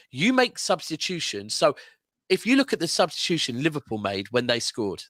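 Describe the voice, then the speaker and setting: An English man talks football on a fan show in a loose, rambling way. He keeps checking in with little "yeah?"s. He sits close to a dry, roomless mic, his voice at an ordinary middle pitch. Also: a bit bright, no room sound. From England. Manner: chatty, rambling, with frequent "yeah?" check-ins. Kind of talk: casual football chat.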